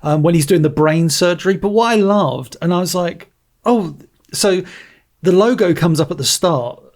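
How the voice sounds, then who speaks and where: A man hosting a podcast, chatting casually about a movie with animated storytelling and frequent restarts. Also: sits high, moderate pace. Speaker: podcast host. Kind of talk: casual movie review chat.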